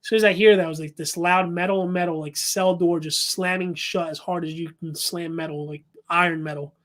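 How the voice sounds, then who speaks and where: A man's voice: fairly high pitch, steady tone, a little fast, a bit bright. A man telling a story as a guest paranormal investigator, talking casually with many fillers and restarts.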